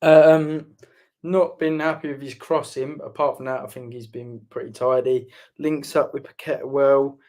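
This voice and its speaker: Man, casual football fan chat, measured, plain-spoken, short sentences. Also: medium pitch, flat delivery, darkish tone. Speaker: fan channel co-host.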